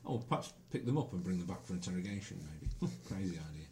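A man's voice: sits low, lively intonation, quick pace, darkish tone, echoey room. A man narrating as game master, hesitant, with lots of ums.

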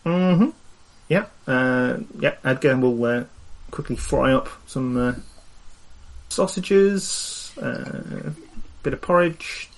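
A man running a tabletop game, narrating with many ums and pauses. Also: medium pitch. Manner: hesitant, many ums and uhs. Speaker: game master.

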